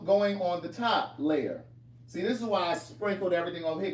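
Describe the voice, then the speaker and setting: A man's voice: on the high side, echoey room. A man hosting a casual cooking livestream from his home kitchen, chatting and teasing viewers as he reads their comments aloud.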